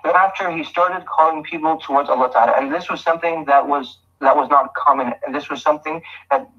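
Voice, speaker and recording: A man's voice: fairly high pitch, fairly quick, highs cut off. A man giving a Quran commentary lesson, explaining step by step, repeating phrases and reciting Arabic verses. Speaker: Quran teacher. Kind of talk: tafsir lesson.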